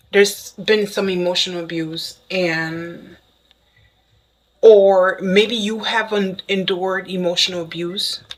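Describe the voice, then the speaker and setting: A woman giving a casual spoken tarot reading to the viewer, excitable and chatty, who keeps checking in with "okay?". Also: medium pitch, slight background noise, rough recording. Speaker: tarot reader.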